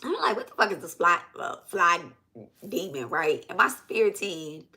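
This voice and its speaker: A woman's voice: on the low side, animated, normal speed, sharp tone. A woman, a spiritual reader, telling a long story in a casual, profane and emphatic way, repeating herself for emphasis.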